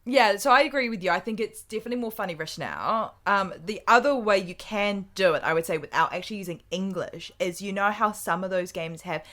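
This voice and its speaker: A woman's voice: medium pitch, expressive, fairly quick, hardly any pauses, fairly bright tone. A woman guesting on a casual podcast, agreeable and chatty. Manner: agreeable, brief affirmations.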